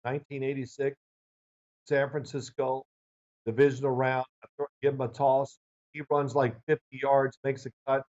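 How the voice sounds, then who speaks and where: Animated older man, lo-fi call audio. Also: medium pitch, moderate pace. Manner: animated anecdotes, acts out quoted coach in raised voice. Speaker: former football quarterback, guest. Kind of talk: storytelling interview answers. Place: remote video call.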